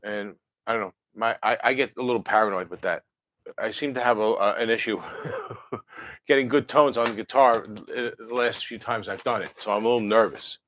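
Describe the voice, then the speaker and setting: A man's voice: on the low side, brisk, a bit bright. Chatty man in his fifties. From New Jersey. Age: 50s. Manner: rambling and chatty, with many fillers and self-corrections. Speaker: livestream host. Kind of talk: casual livestream chat answering viewer comments.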